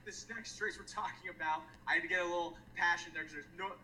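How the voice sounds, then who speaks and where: Host: man, high bright voice, quick jokey race caller, slightly distant mic. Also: fairly even intonation, slight background noise. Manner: joking, self-mocking, quick asides. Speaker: handicapping show host calling a race replay. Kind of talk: fast race call then casual joking chat.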